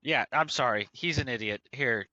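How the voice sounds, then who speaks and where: A man's voice: mid-range voice, normal speed, bright, forceful tone, no room sound, lo-fi sound. A man playing a tabletop game, joking and brash as he jumps in with his character's moves. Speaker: player. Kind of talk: casual tabletop play.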